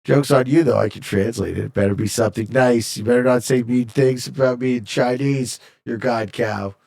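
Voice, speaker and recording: Here a Canadian gamer casually works through viewer comments on stream, reading them aloud and answering with jokes. His voice sits in the mid-range, creaky and a bit dark, delivered at a moderate pace.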